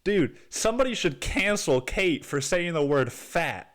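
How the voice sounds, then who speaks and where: A man's voice: on the high side, animated, a little slow, a bit bright. A young man with the sniffles hosting his podcast in a rambling, profane, slangy monologue. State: sniffly with a cold. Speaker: podcast host.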